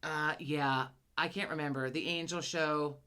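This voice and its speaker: A woman with a New England accent, co-hosting a casual chat podcast, rambling with quick asides and casual swearing. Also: deep voice, fairly even intonation, fairly bright tone, smooth. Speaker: podcast co-host.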